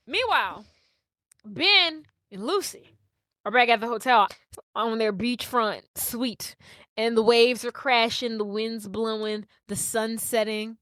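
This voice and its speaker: A woman's voice: fairly high pitch, measured pace, no echo, studio quality. A woman co-hosting a podcast, casually retelling a movie plot and acting out the characters' lines with lots of swearing. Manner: animated storyteller acting out every character's lines, swearing freely. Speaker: podcast co-host.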